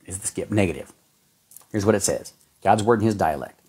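A man preaching a fervent sermon, folksy and exhorting, with sudden jumps in pitch as he reads scripture. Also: brisk, darkish tone, breathy edge. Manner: folksy, says y'all and man.

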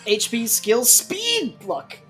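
Chatty giggly woman gaming w a friend, game music low behind. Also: normal speed. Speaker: gamer. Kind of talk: casual let's play chat.

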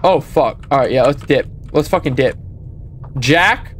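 A young man playing a horror game and reacting out loud, swearing a lot and breaking into panicky yells. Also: mid-range voice, animated, a little slow. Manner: upbeat sign-off asking for support. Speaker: gaming YouTuber. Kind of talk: horror game let's play commentary.

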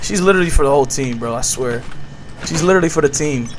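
A man streaming a game, talking to his chat in an excitable, swearing, self-mocking way. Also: fairly high pitch, fast talker, slight background noise. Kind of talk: casual gaming commentary to chat.

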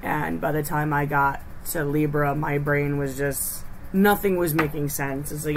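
A woman with a fairly low voice talks through a casual tarot reading and muses aloud as she sets out her decks. Noise from the cards she shuffles and shifts around is clearly heard behind her. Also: steady tone, unhurried. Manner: chatty, loose, with asides and muttering while handling cards. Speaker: tarot reader.

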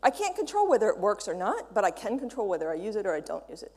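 Animated woman speaking in a hall. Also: medium pitch, fast talker. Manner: animated, playful, quotes others in mock voices. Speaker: conference speaker. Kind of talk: conference talk. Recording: long hall reverb.

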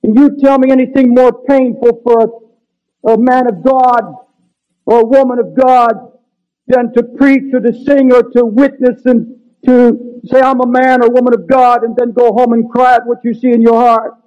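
A man's voice: very high voice, little pitch movement, normal speed. A man preaching a sermon in an earnest, pleading manner that builds to raised, urgent emphasis. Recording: dull lo-fi sermon recording.

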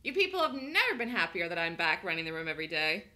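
Woman trading-room host, very bright tone, lively pitch, casual chatter with laughs. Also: quick pace, a little hiss or hum. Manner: chatty, laughs often, thinks aloud. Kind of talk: live trading commentary.

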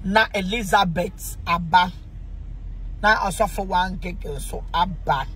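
A woman's voice: lowish voice, a little slow, a bit bright, a little hiss or hum, poor audio. A Ghanaian woman pastor talking casually on a phone live stream, exclaiming, reading viewer comments aloud and breaking into bits of song.

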